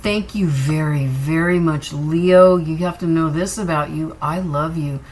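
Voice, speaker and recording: A woman giving a tarot reading speaks to her viewers directly and encouragingly. Her voice sits low and is a little mellow, and her pace is unhurried.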